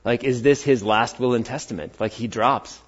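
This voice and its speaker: A middle-aged pastor talks to his congregation like he's chatting with friends, jumping between stories and lively acted-out quotes. His voice sits in a middle pitch. The recording sounds slightly muffled and lo-fi. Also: moderate pace. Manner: animated, conversational, acts out quotes in varied voices. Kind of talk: sermon with storytelling. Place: church hall before a congregation.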